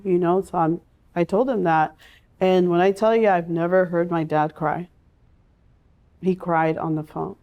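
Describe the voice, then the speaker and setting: A woman in her forties telling her personal story in an interview, speaking earnestly and from the heart, with pauses and restarts. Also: fairly low pitch, steady tone, muffled recording. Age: 40s. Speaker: guest sharing her life story.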